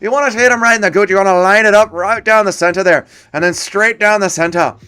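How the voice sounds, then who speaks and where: A man's voice: sits high, fast, bright, forceful tone, smooth, voice pushed up. Man doing an impression of a cocky fighter coaching. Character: cocky male fighter giving crude coaching tips.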